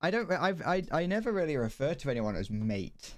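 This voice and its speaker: A man's voice: fairly high pitch, big pitch swings, brisk. A British man chatting on a casual livestream while he builds a model kit, rambling with frequent stammered restarts and laughter. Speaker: streamer.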